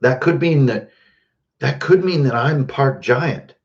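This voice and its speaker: A man's voice: medium pitch, slow pace, dull audio. A man hosting a casual livestream, rambling and joking while he greets viewers by name. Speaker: host.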